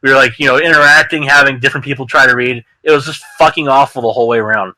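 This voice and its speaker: A man's voice: mid-range voice, fairly even intonation, rapid-fire, sharp tone, no room sound, low-quality recording. A man in a casual podcast chat who talks bluntly and sarcastically and swears freely.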